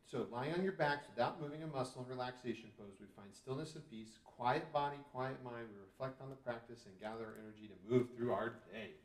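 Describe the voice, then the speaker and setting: A man's voice: medium pitch, fairly quick, hardly any pauses, far from the mic. A man, a dad, reading a storybook to children, groaning and joking as he tries each pose. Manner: goofy, groaning and joking while doing the poses. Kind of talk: playful storytime with exercises. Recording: roomy echo, voice a bit off-mic.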